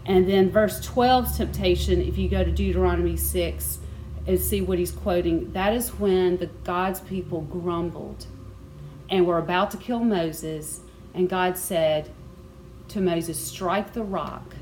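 A woman's voice: on the low side, unhurried, a little hiss or hum, rough recording. Woman teaching a Bible study. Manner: warm conversational teaching with personal asides.

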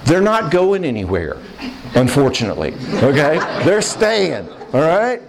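An older man giving a lively sermon on marriage to a live crowd, conversational and playful, often checking in with the listeners. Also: a little high, unhurried, vocal fry, noisy background. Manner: acts out quoted voices and jokes. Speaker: pastor teaching on marriage.

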